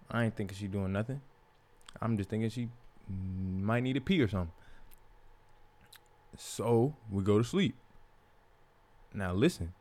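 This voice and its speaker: Young guy hosting a podcast, swears a lot, laid-back storytelling, mid pitch. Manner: profane, candid, animated when quoting others. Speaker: podcast host. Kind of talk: casual storytelling monologue.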